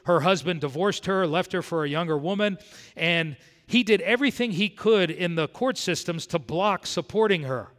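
A man from South Florida preaching a sermon verse by verse, moving between quiet and emphatic delivery. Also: high-pitched, moderate pace. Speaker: pastor. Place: church sanctuary. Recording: long hall reverb.

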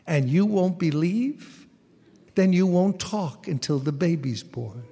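Preacher doing an exasperated archangel, higher pitch, gravelly, echoey hall. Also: male voice, animated, mellow, a little hiss or hum. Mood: indignant. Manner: incredulous, scolding, quickening. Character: exasperated archangel, blunt and indignant.

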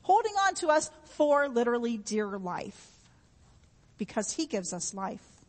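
A woman's voice: fairly high pitch, big-room sound. A woman preaching a sermon in an earnest, repetitive way, with homey everyday examples.

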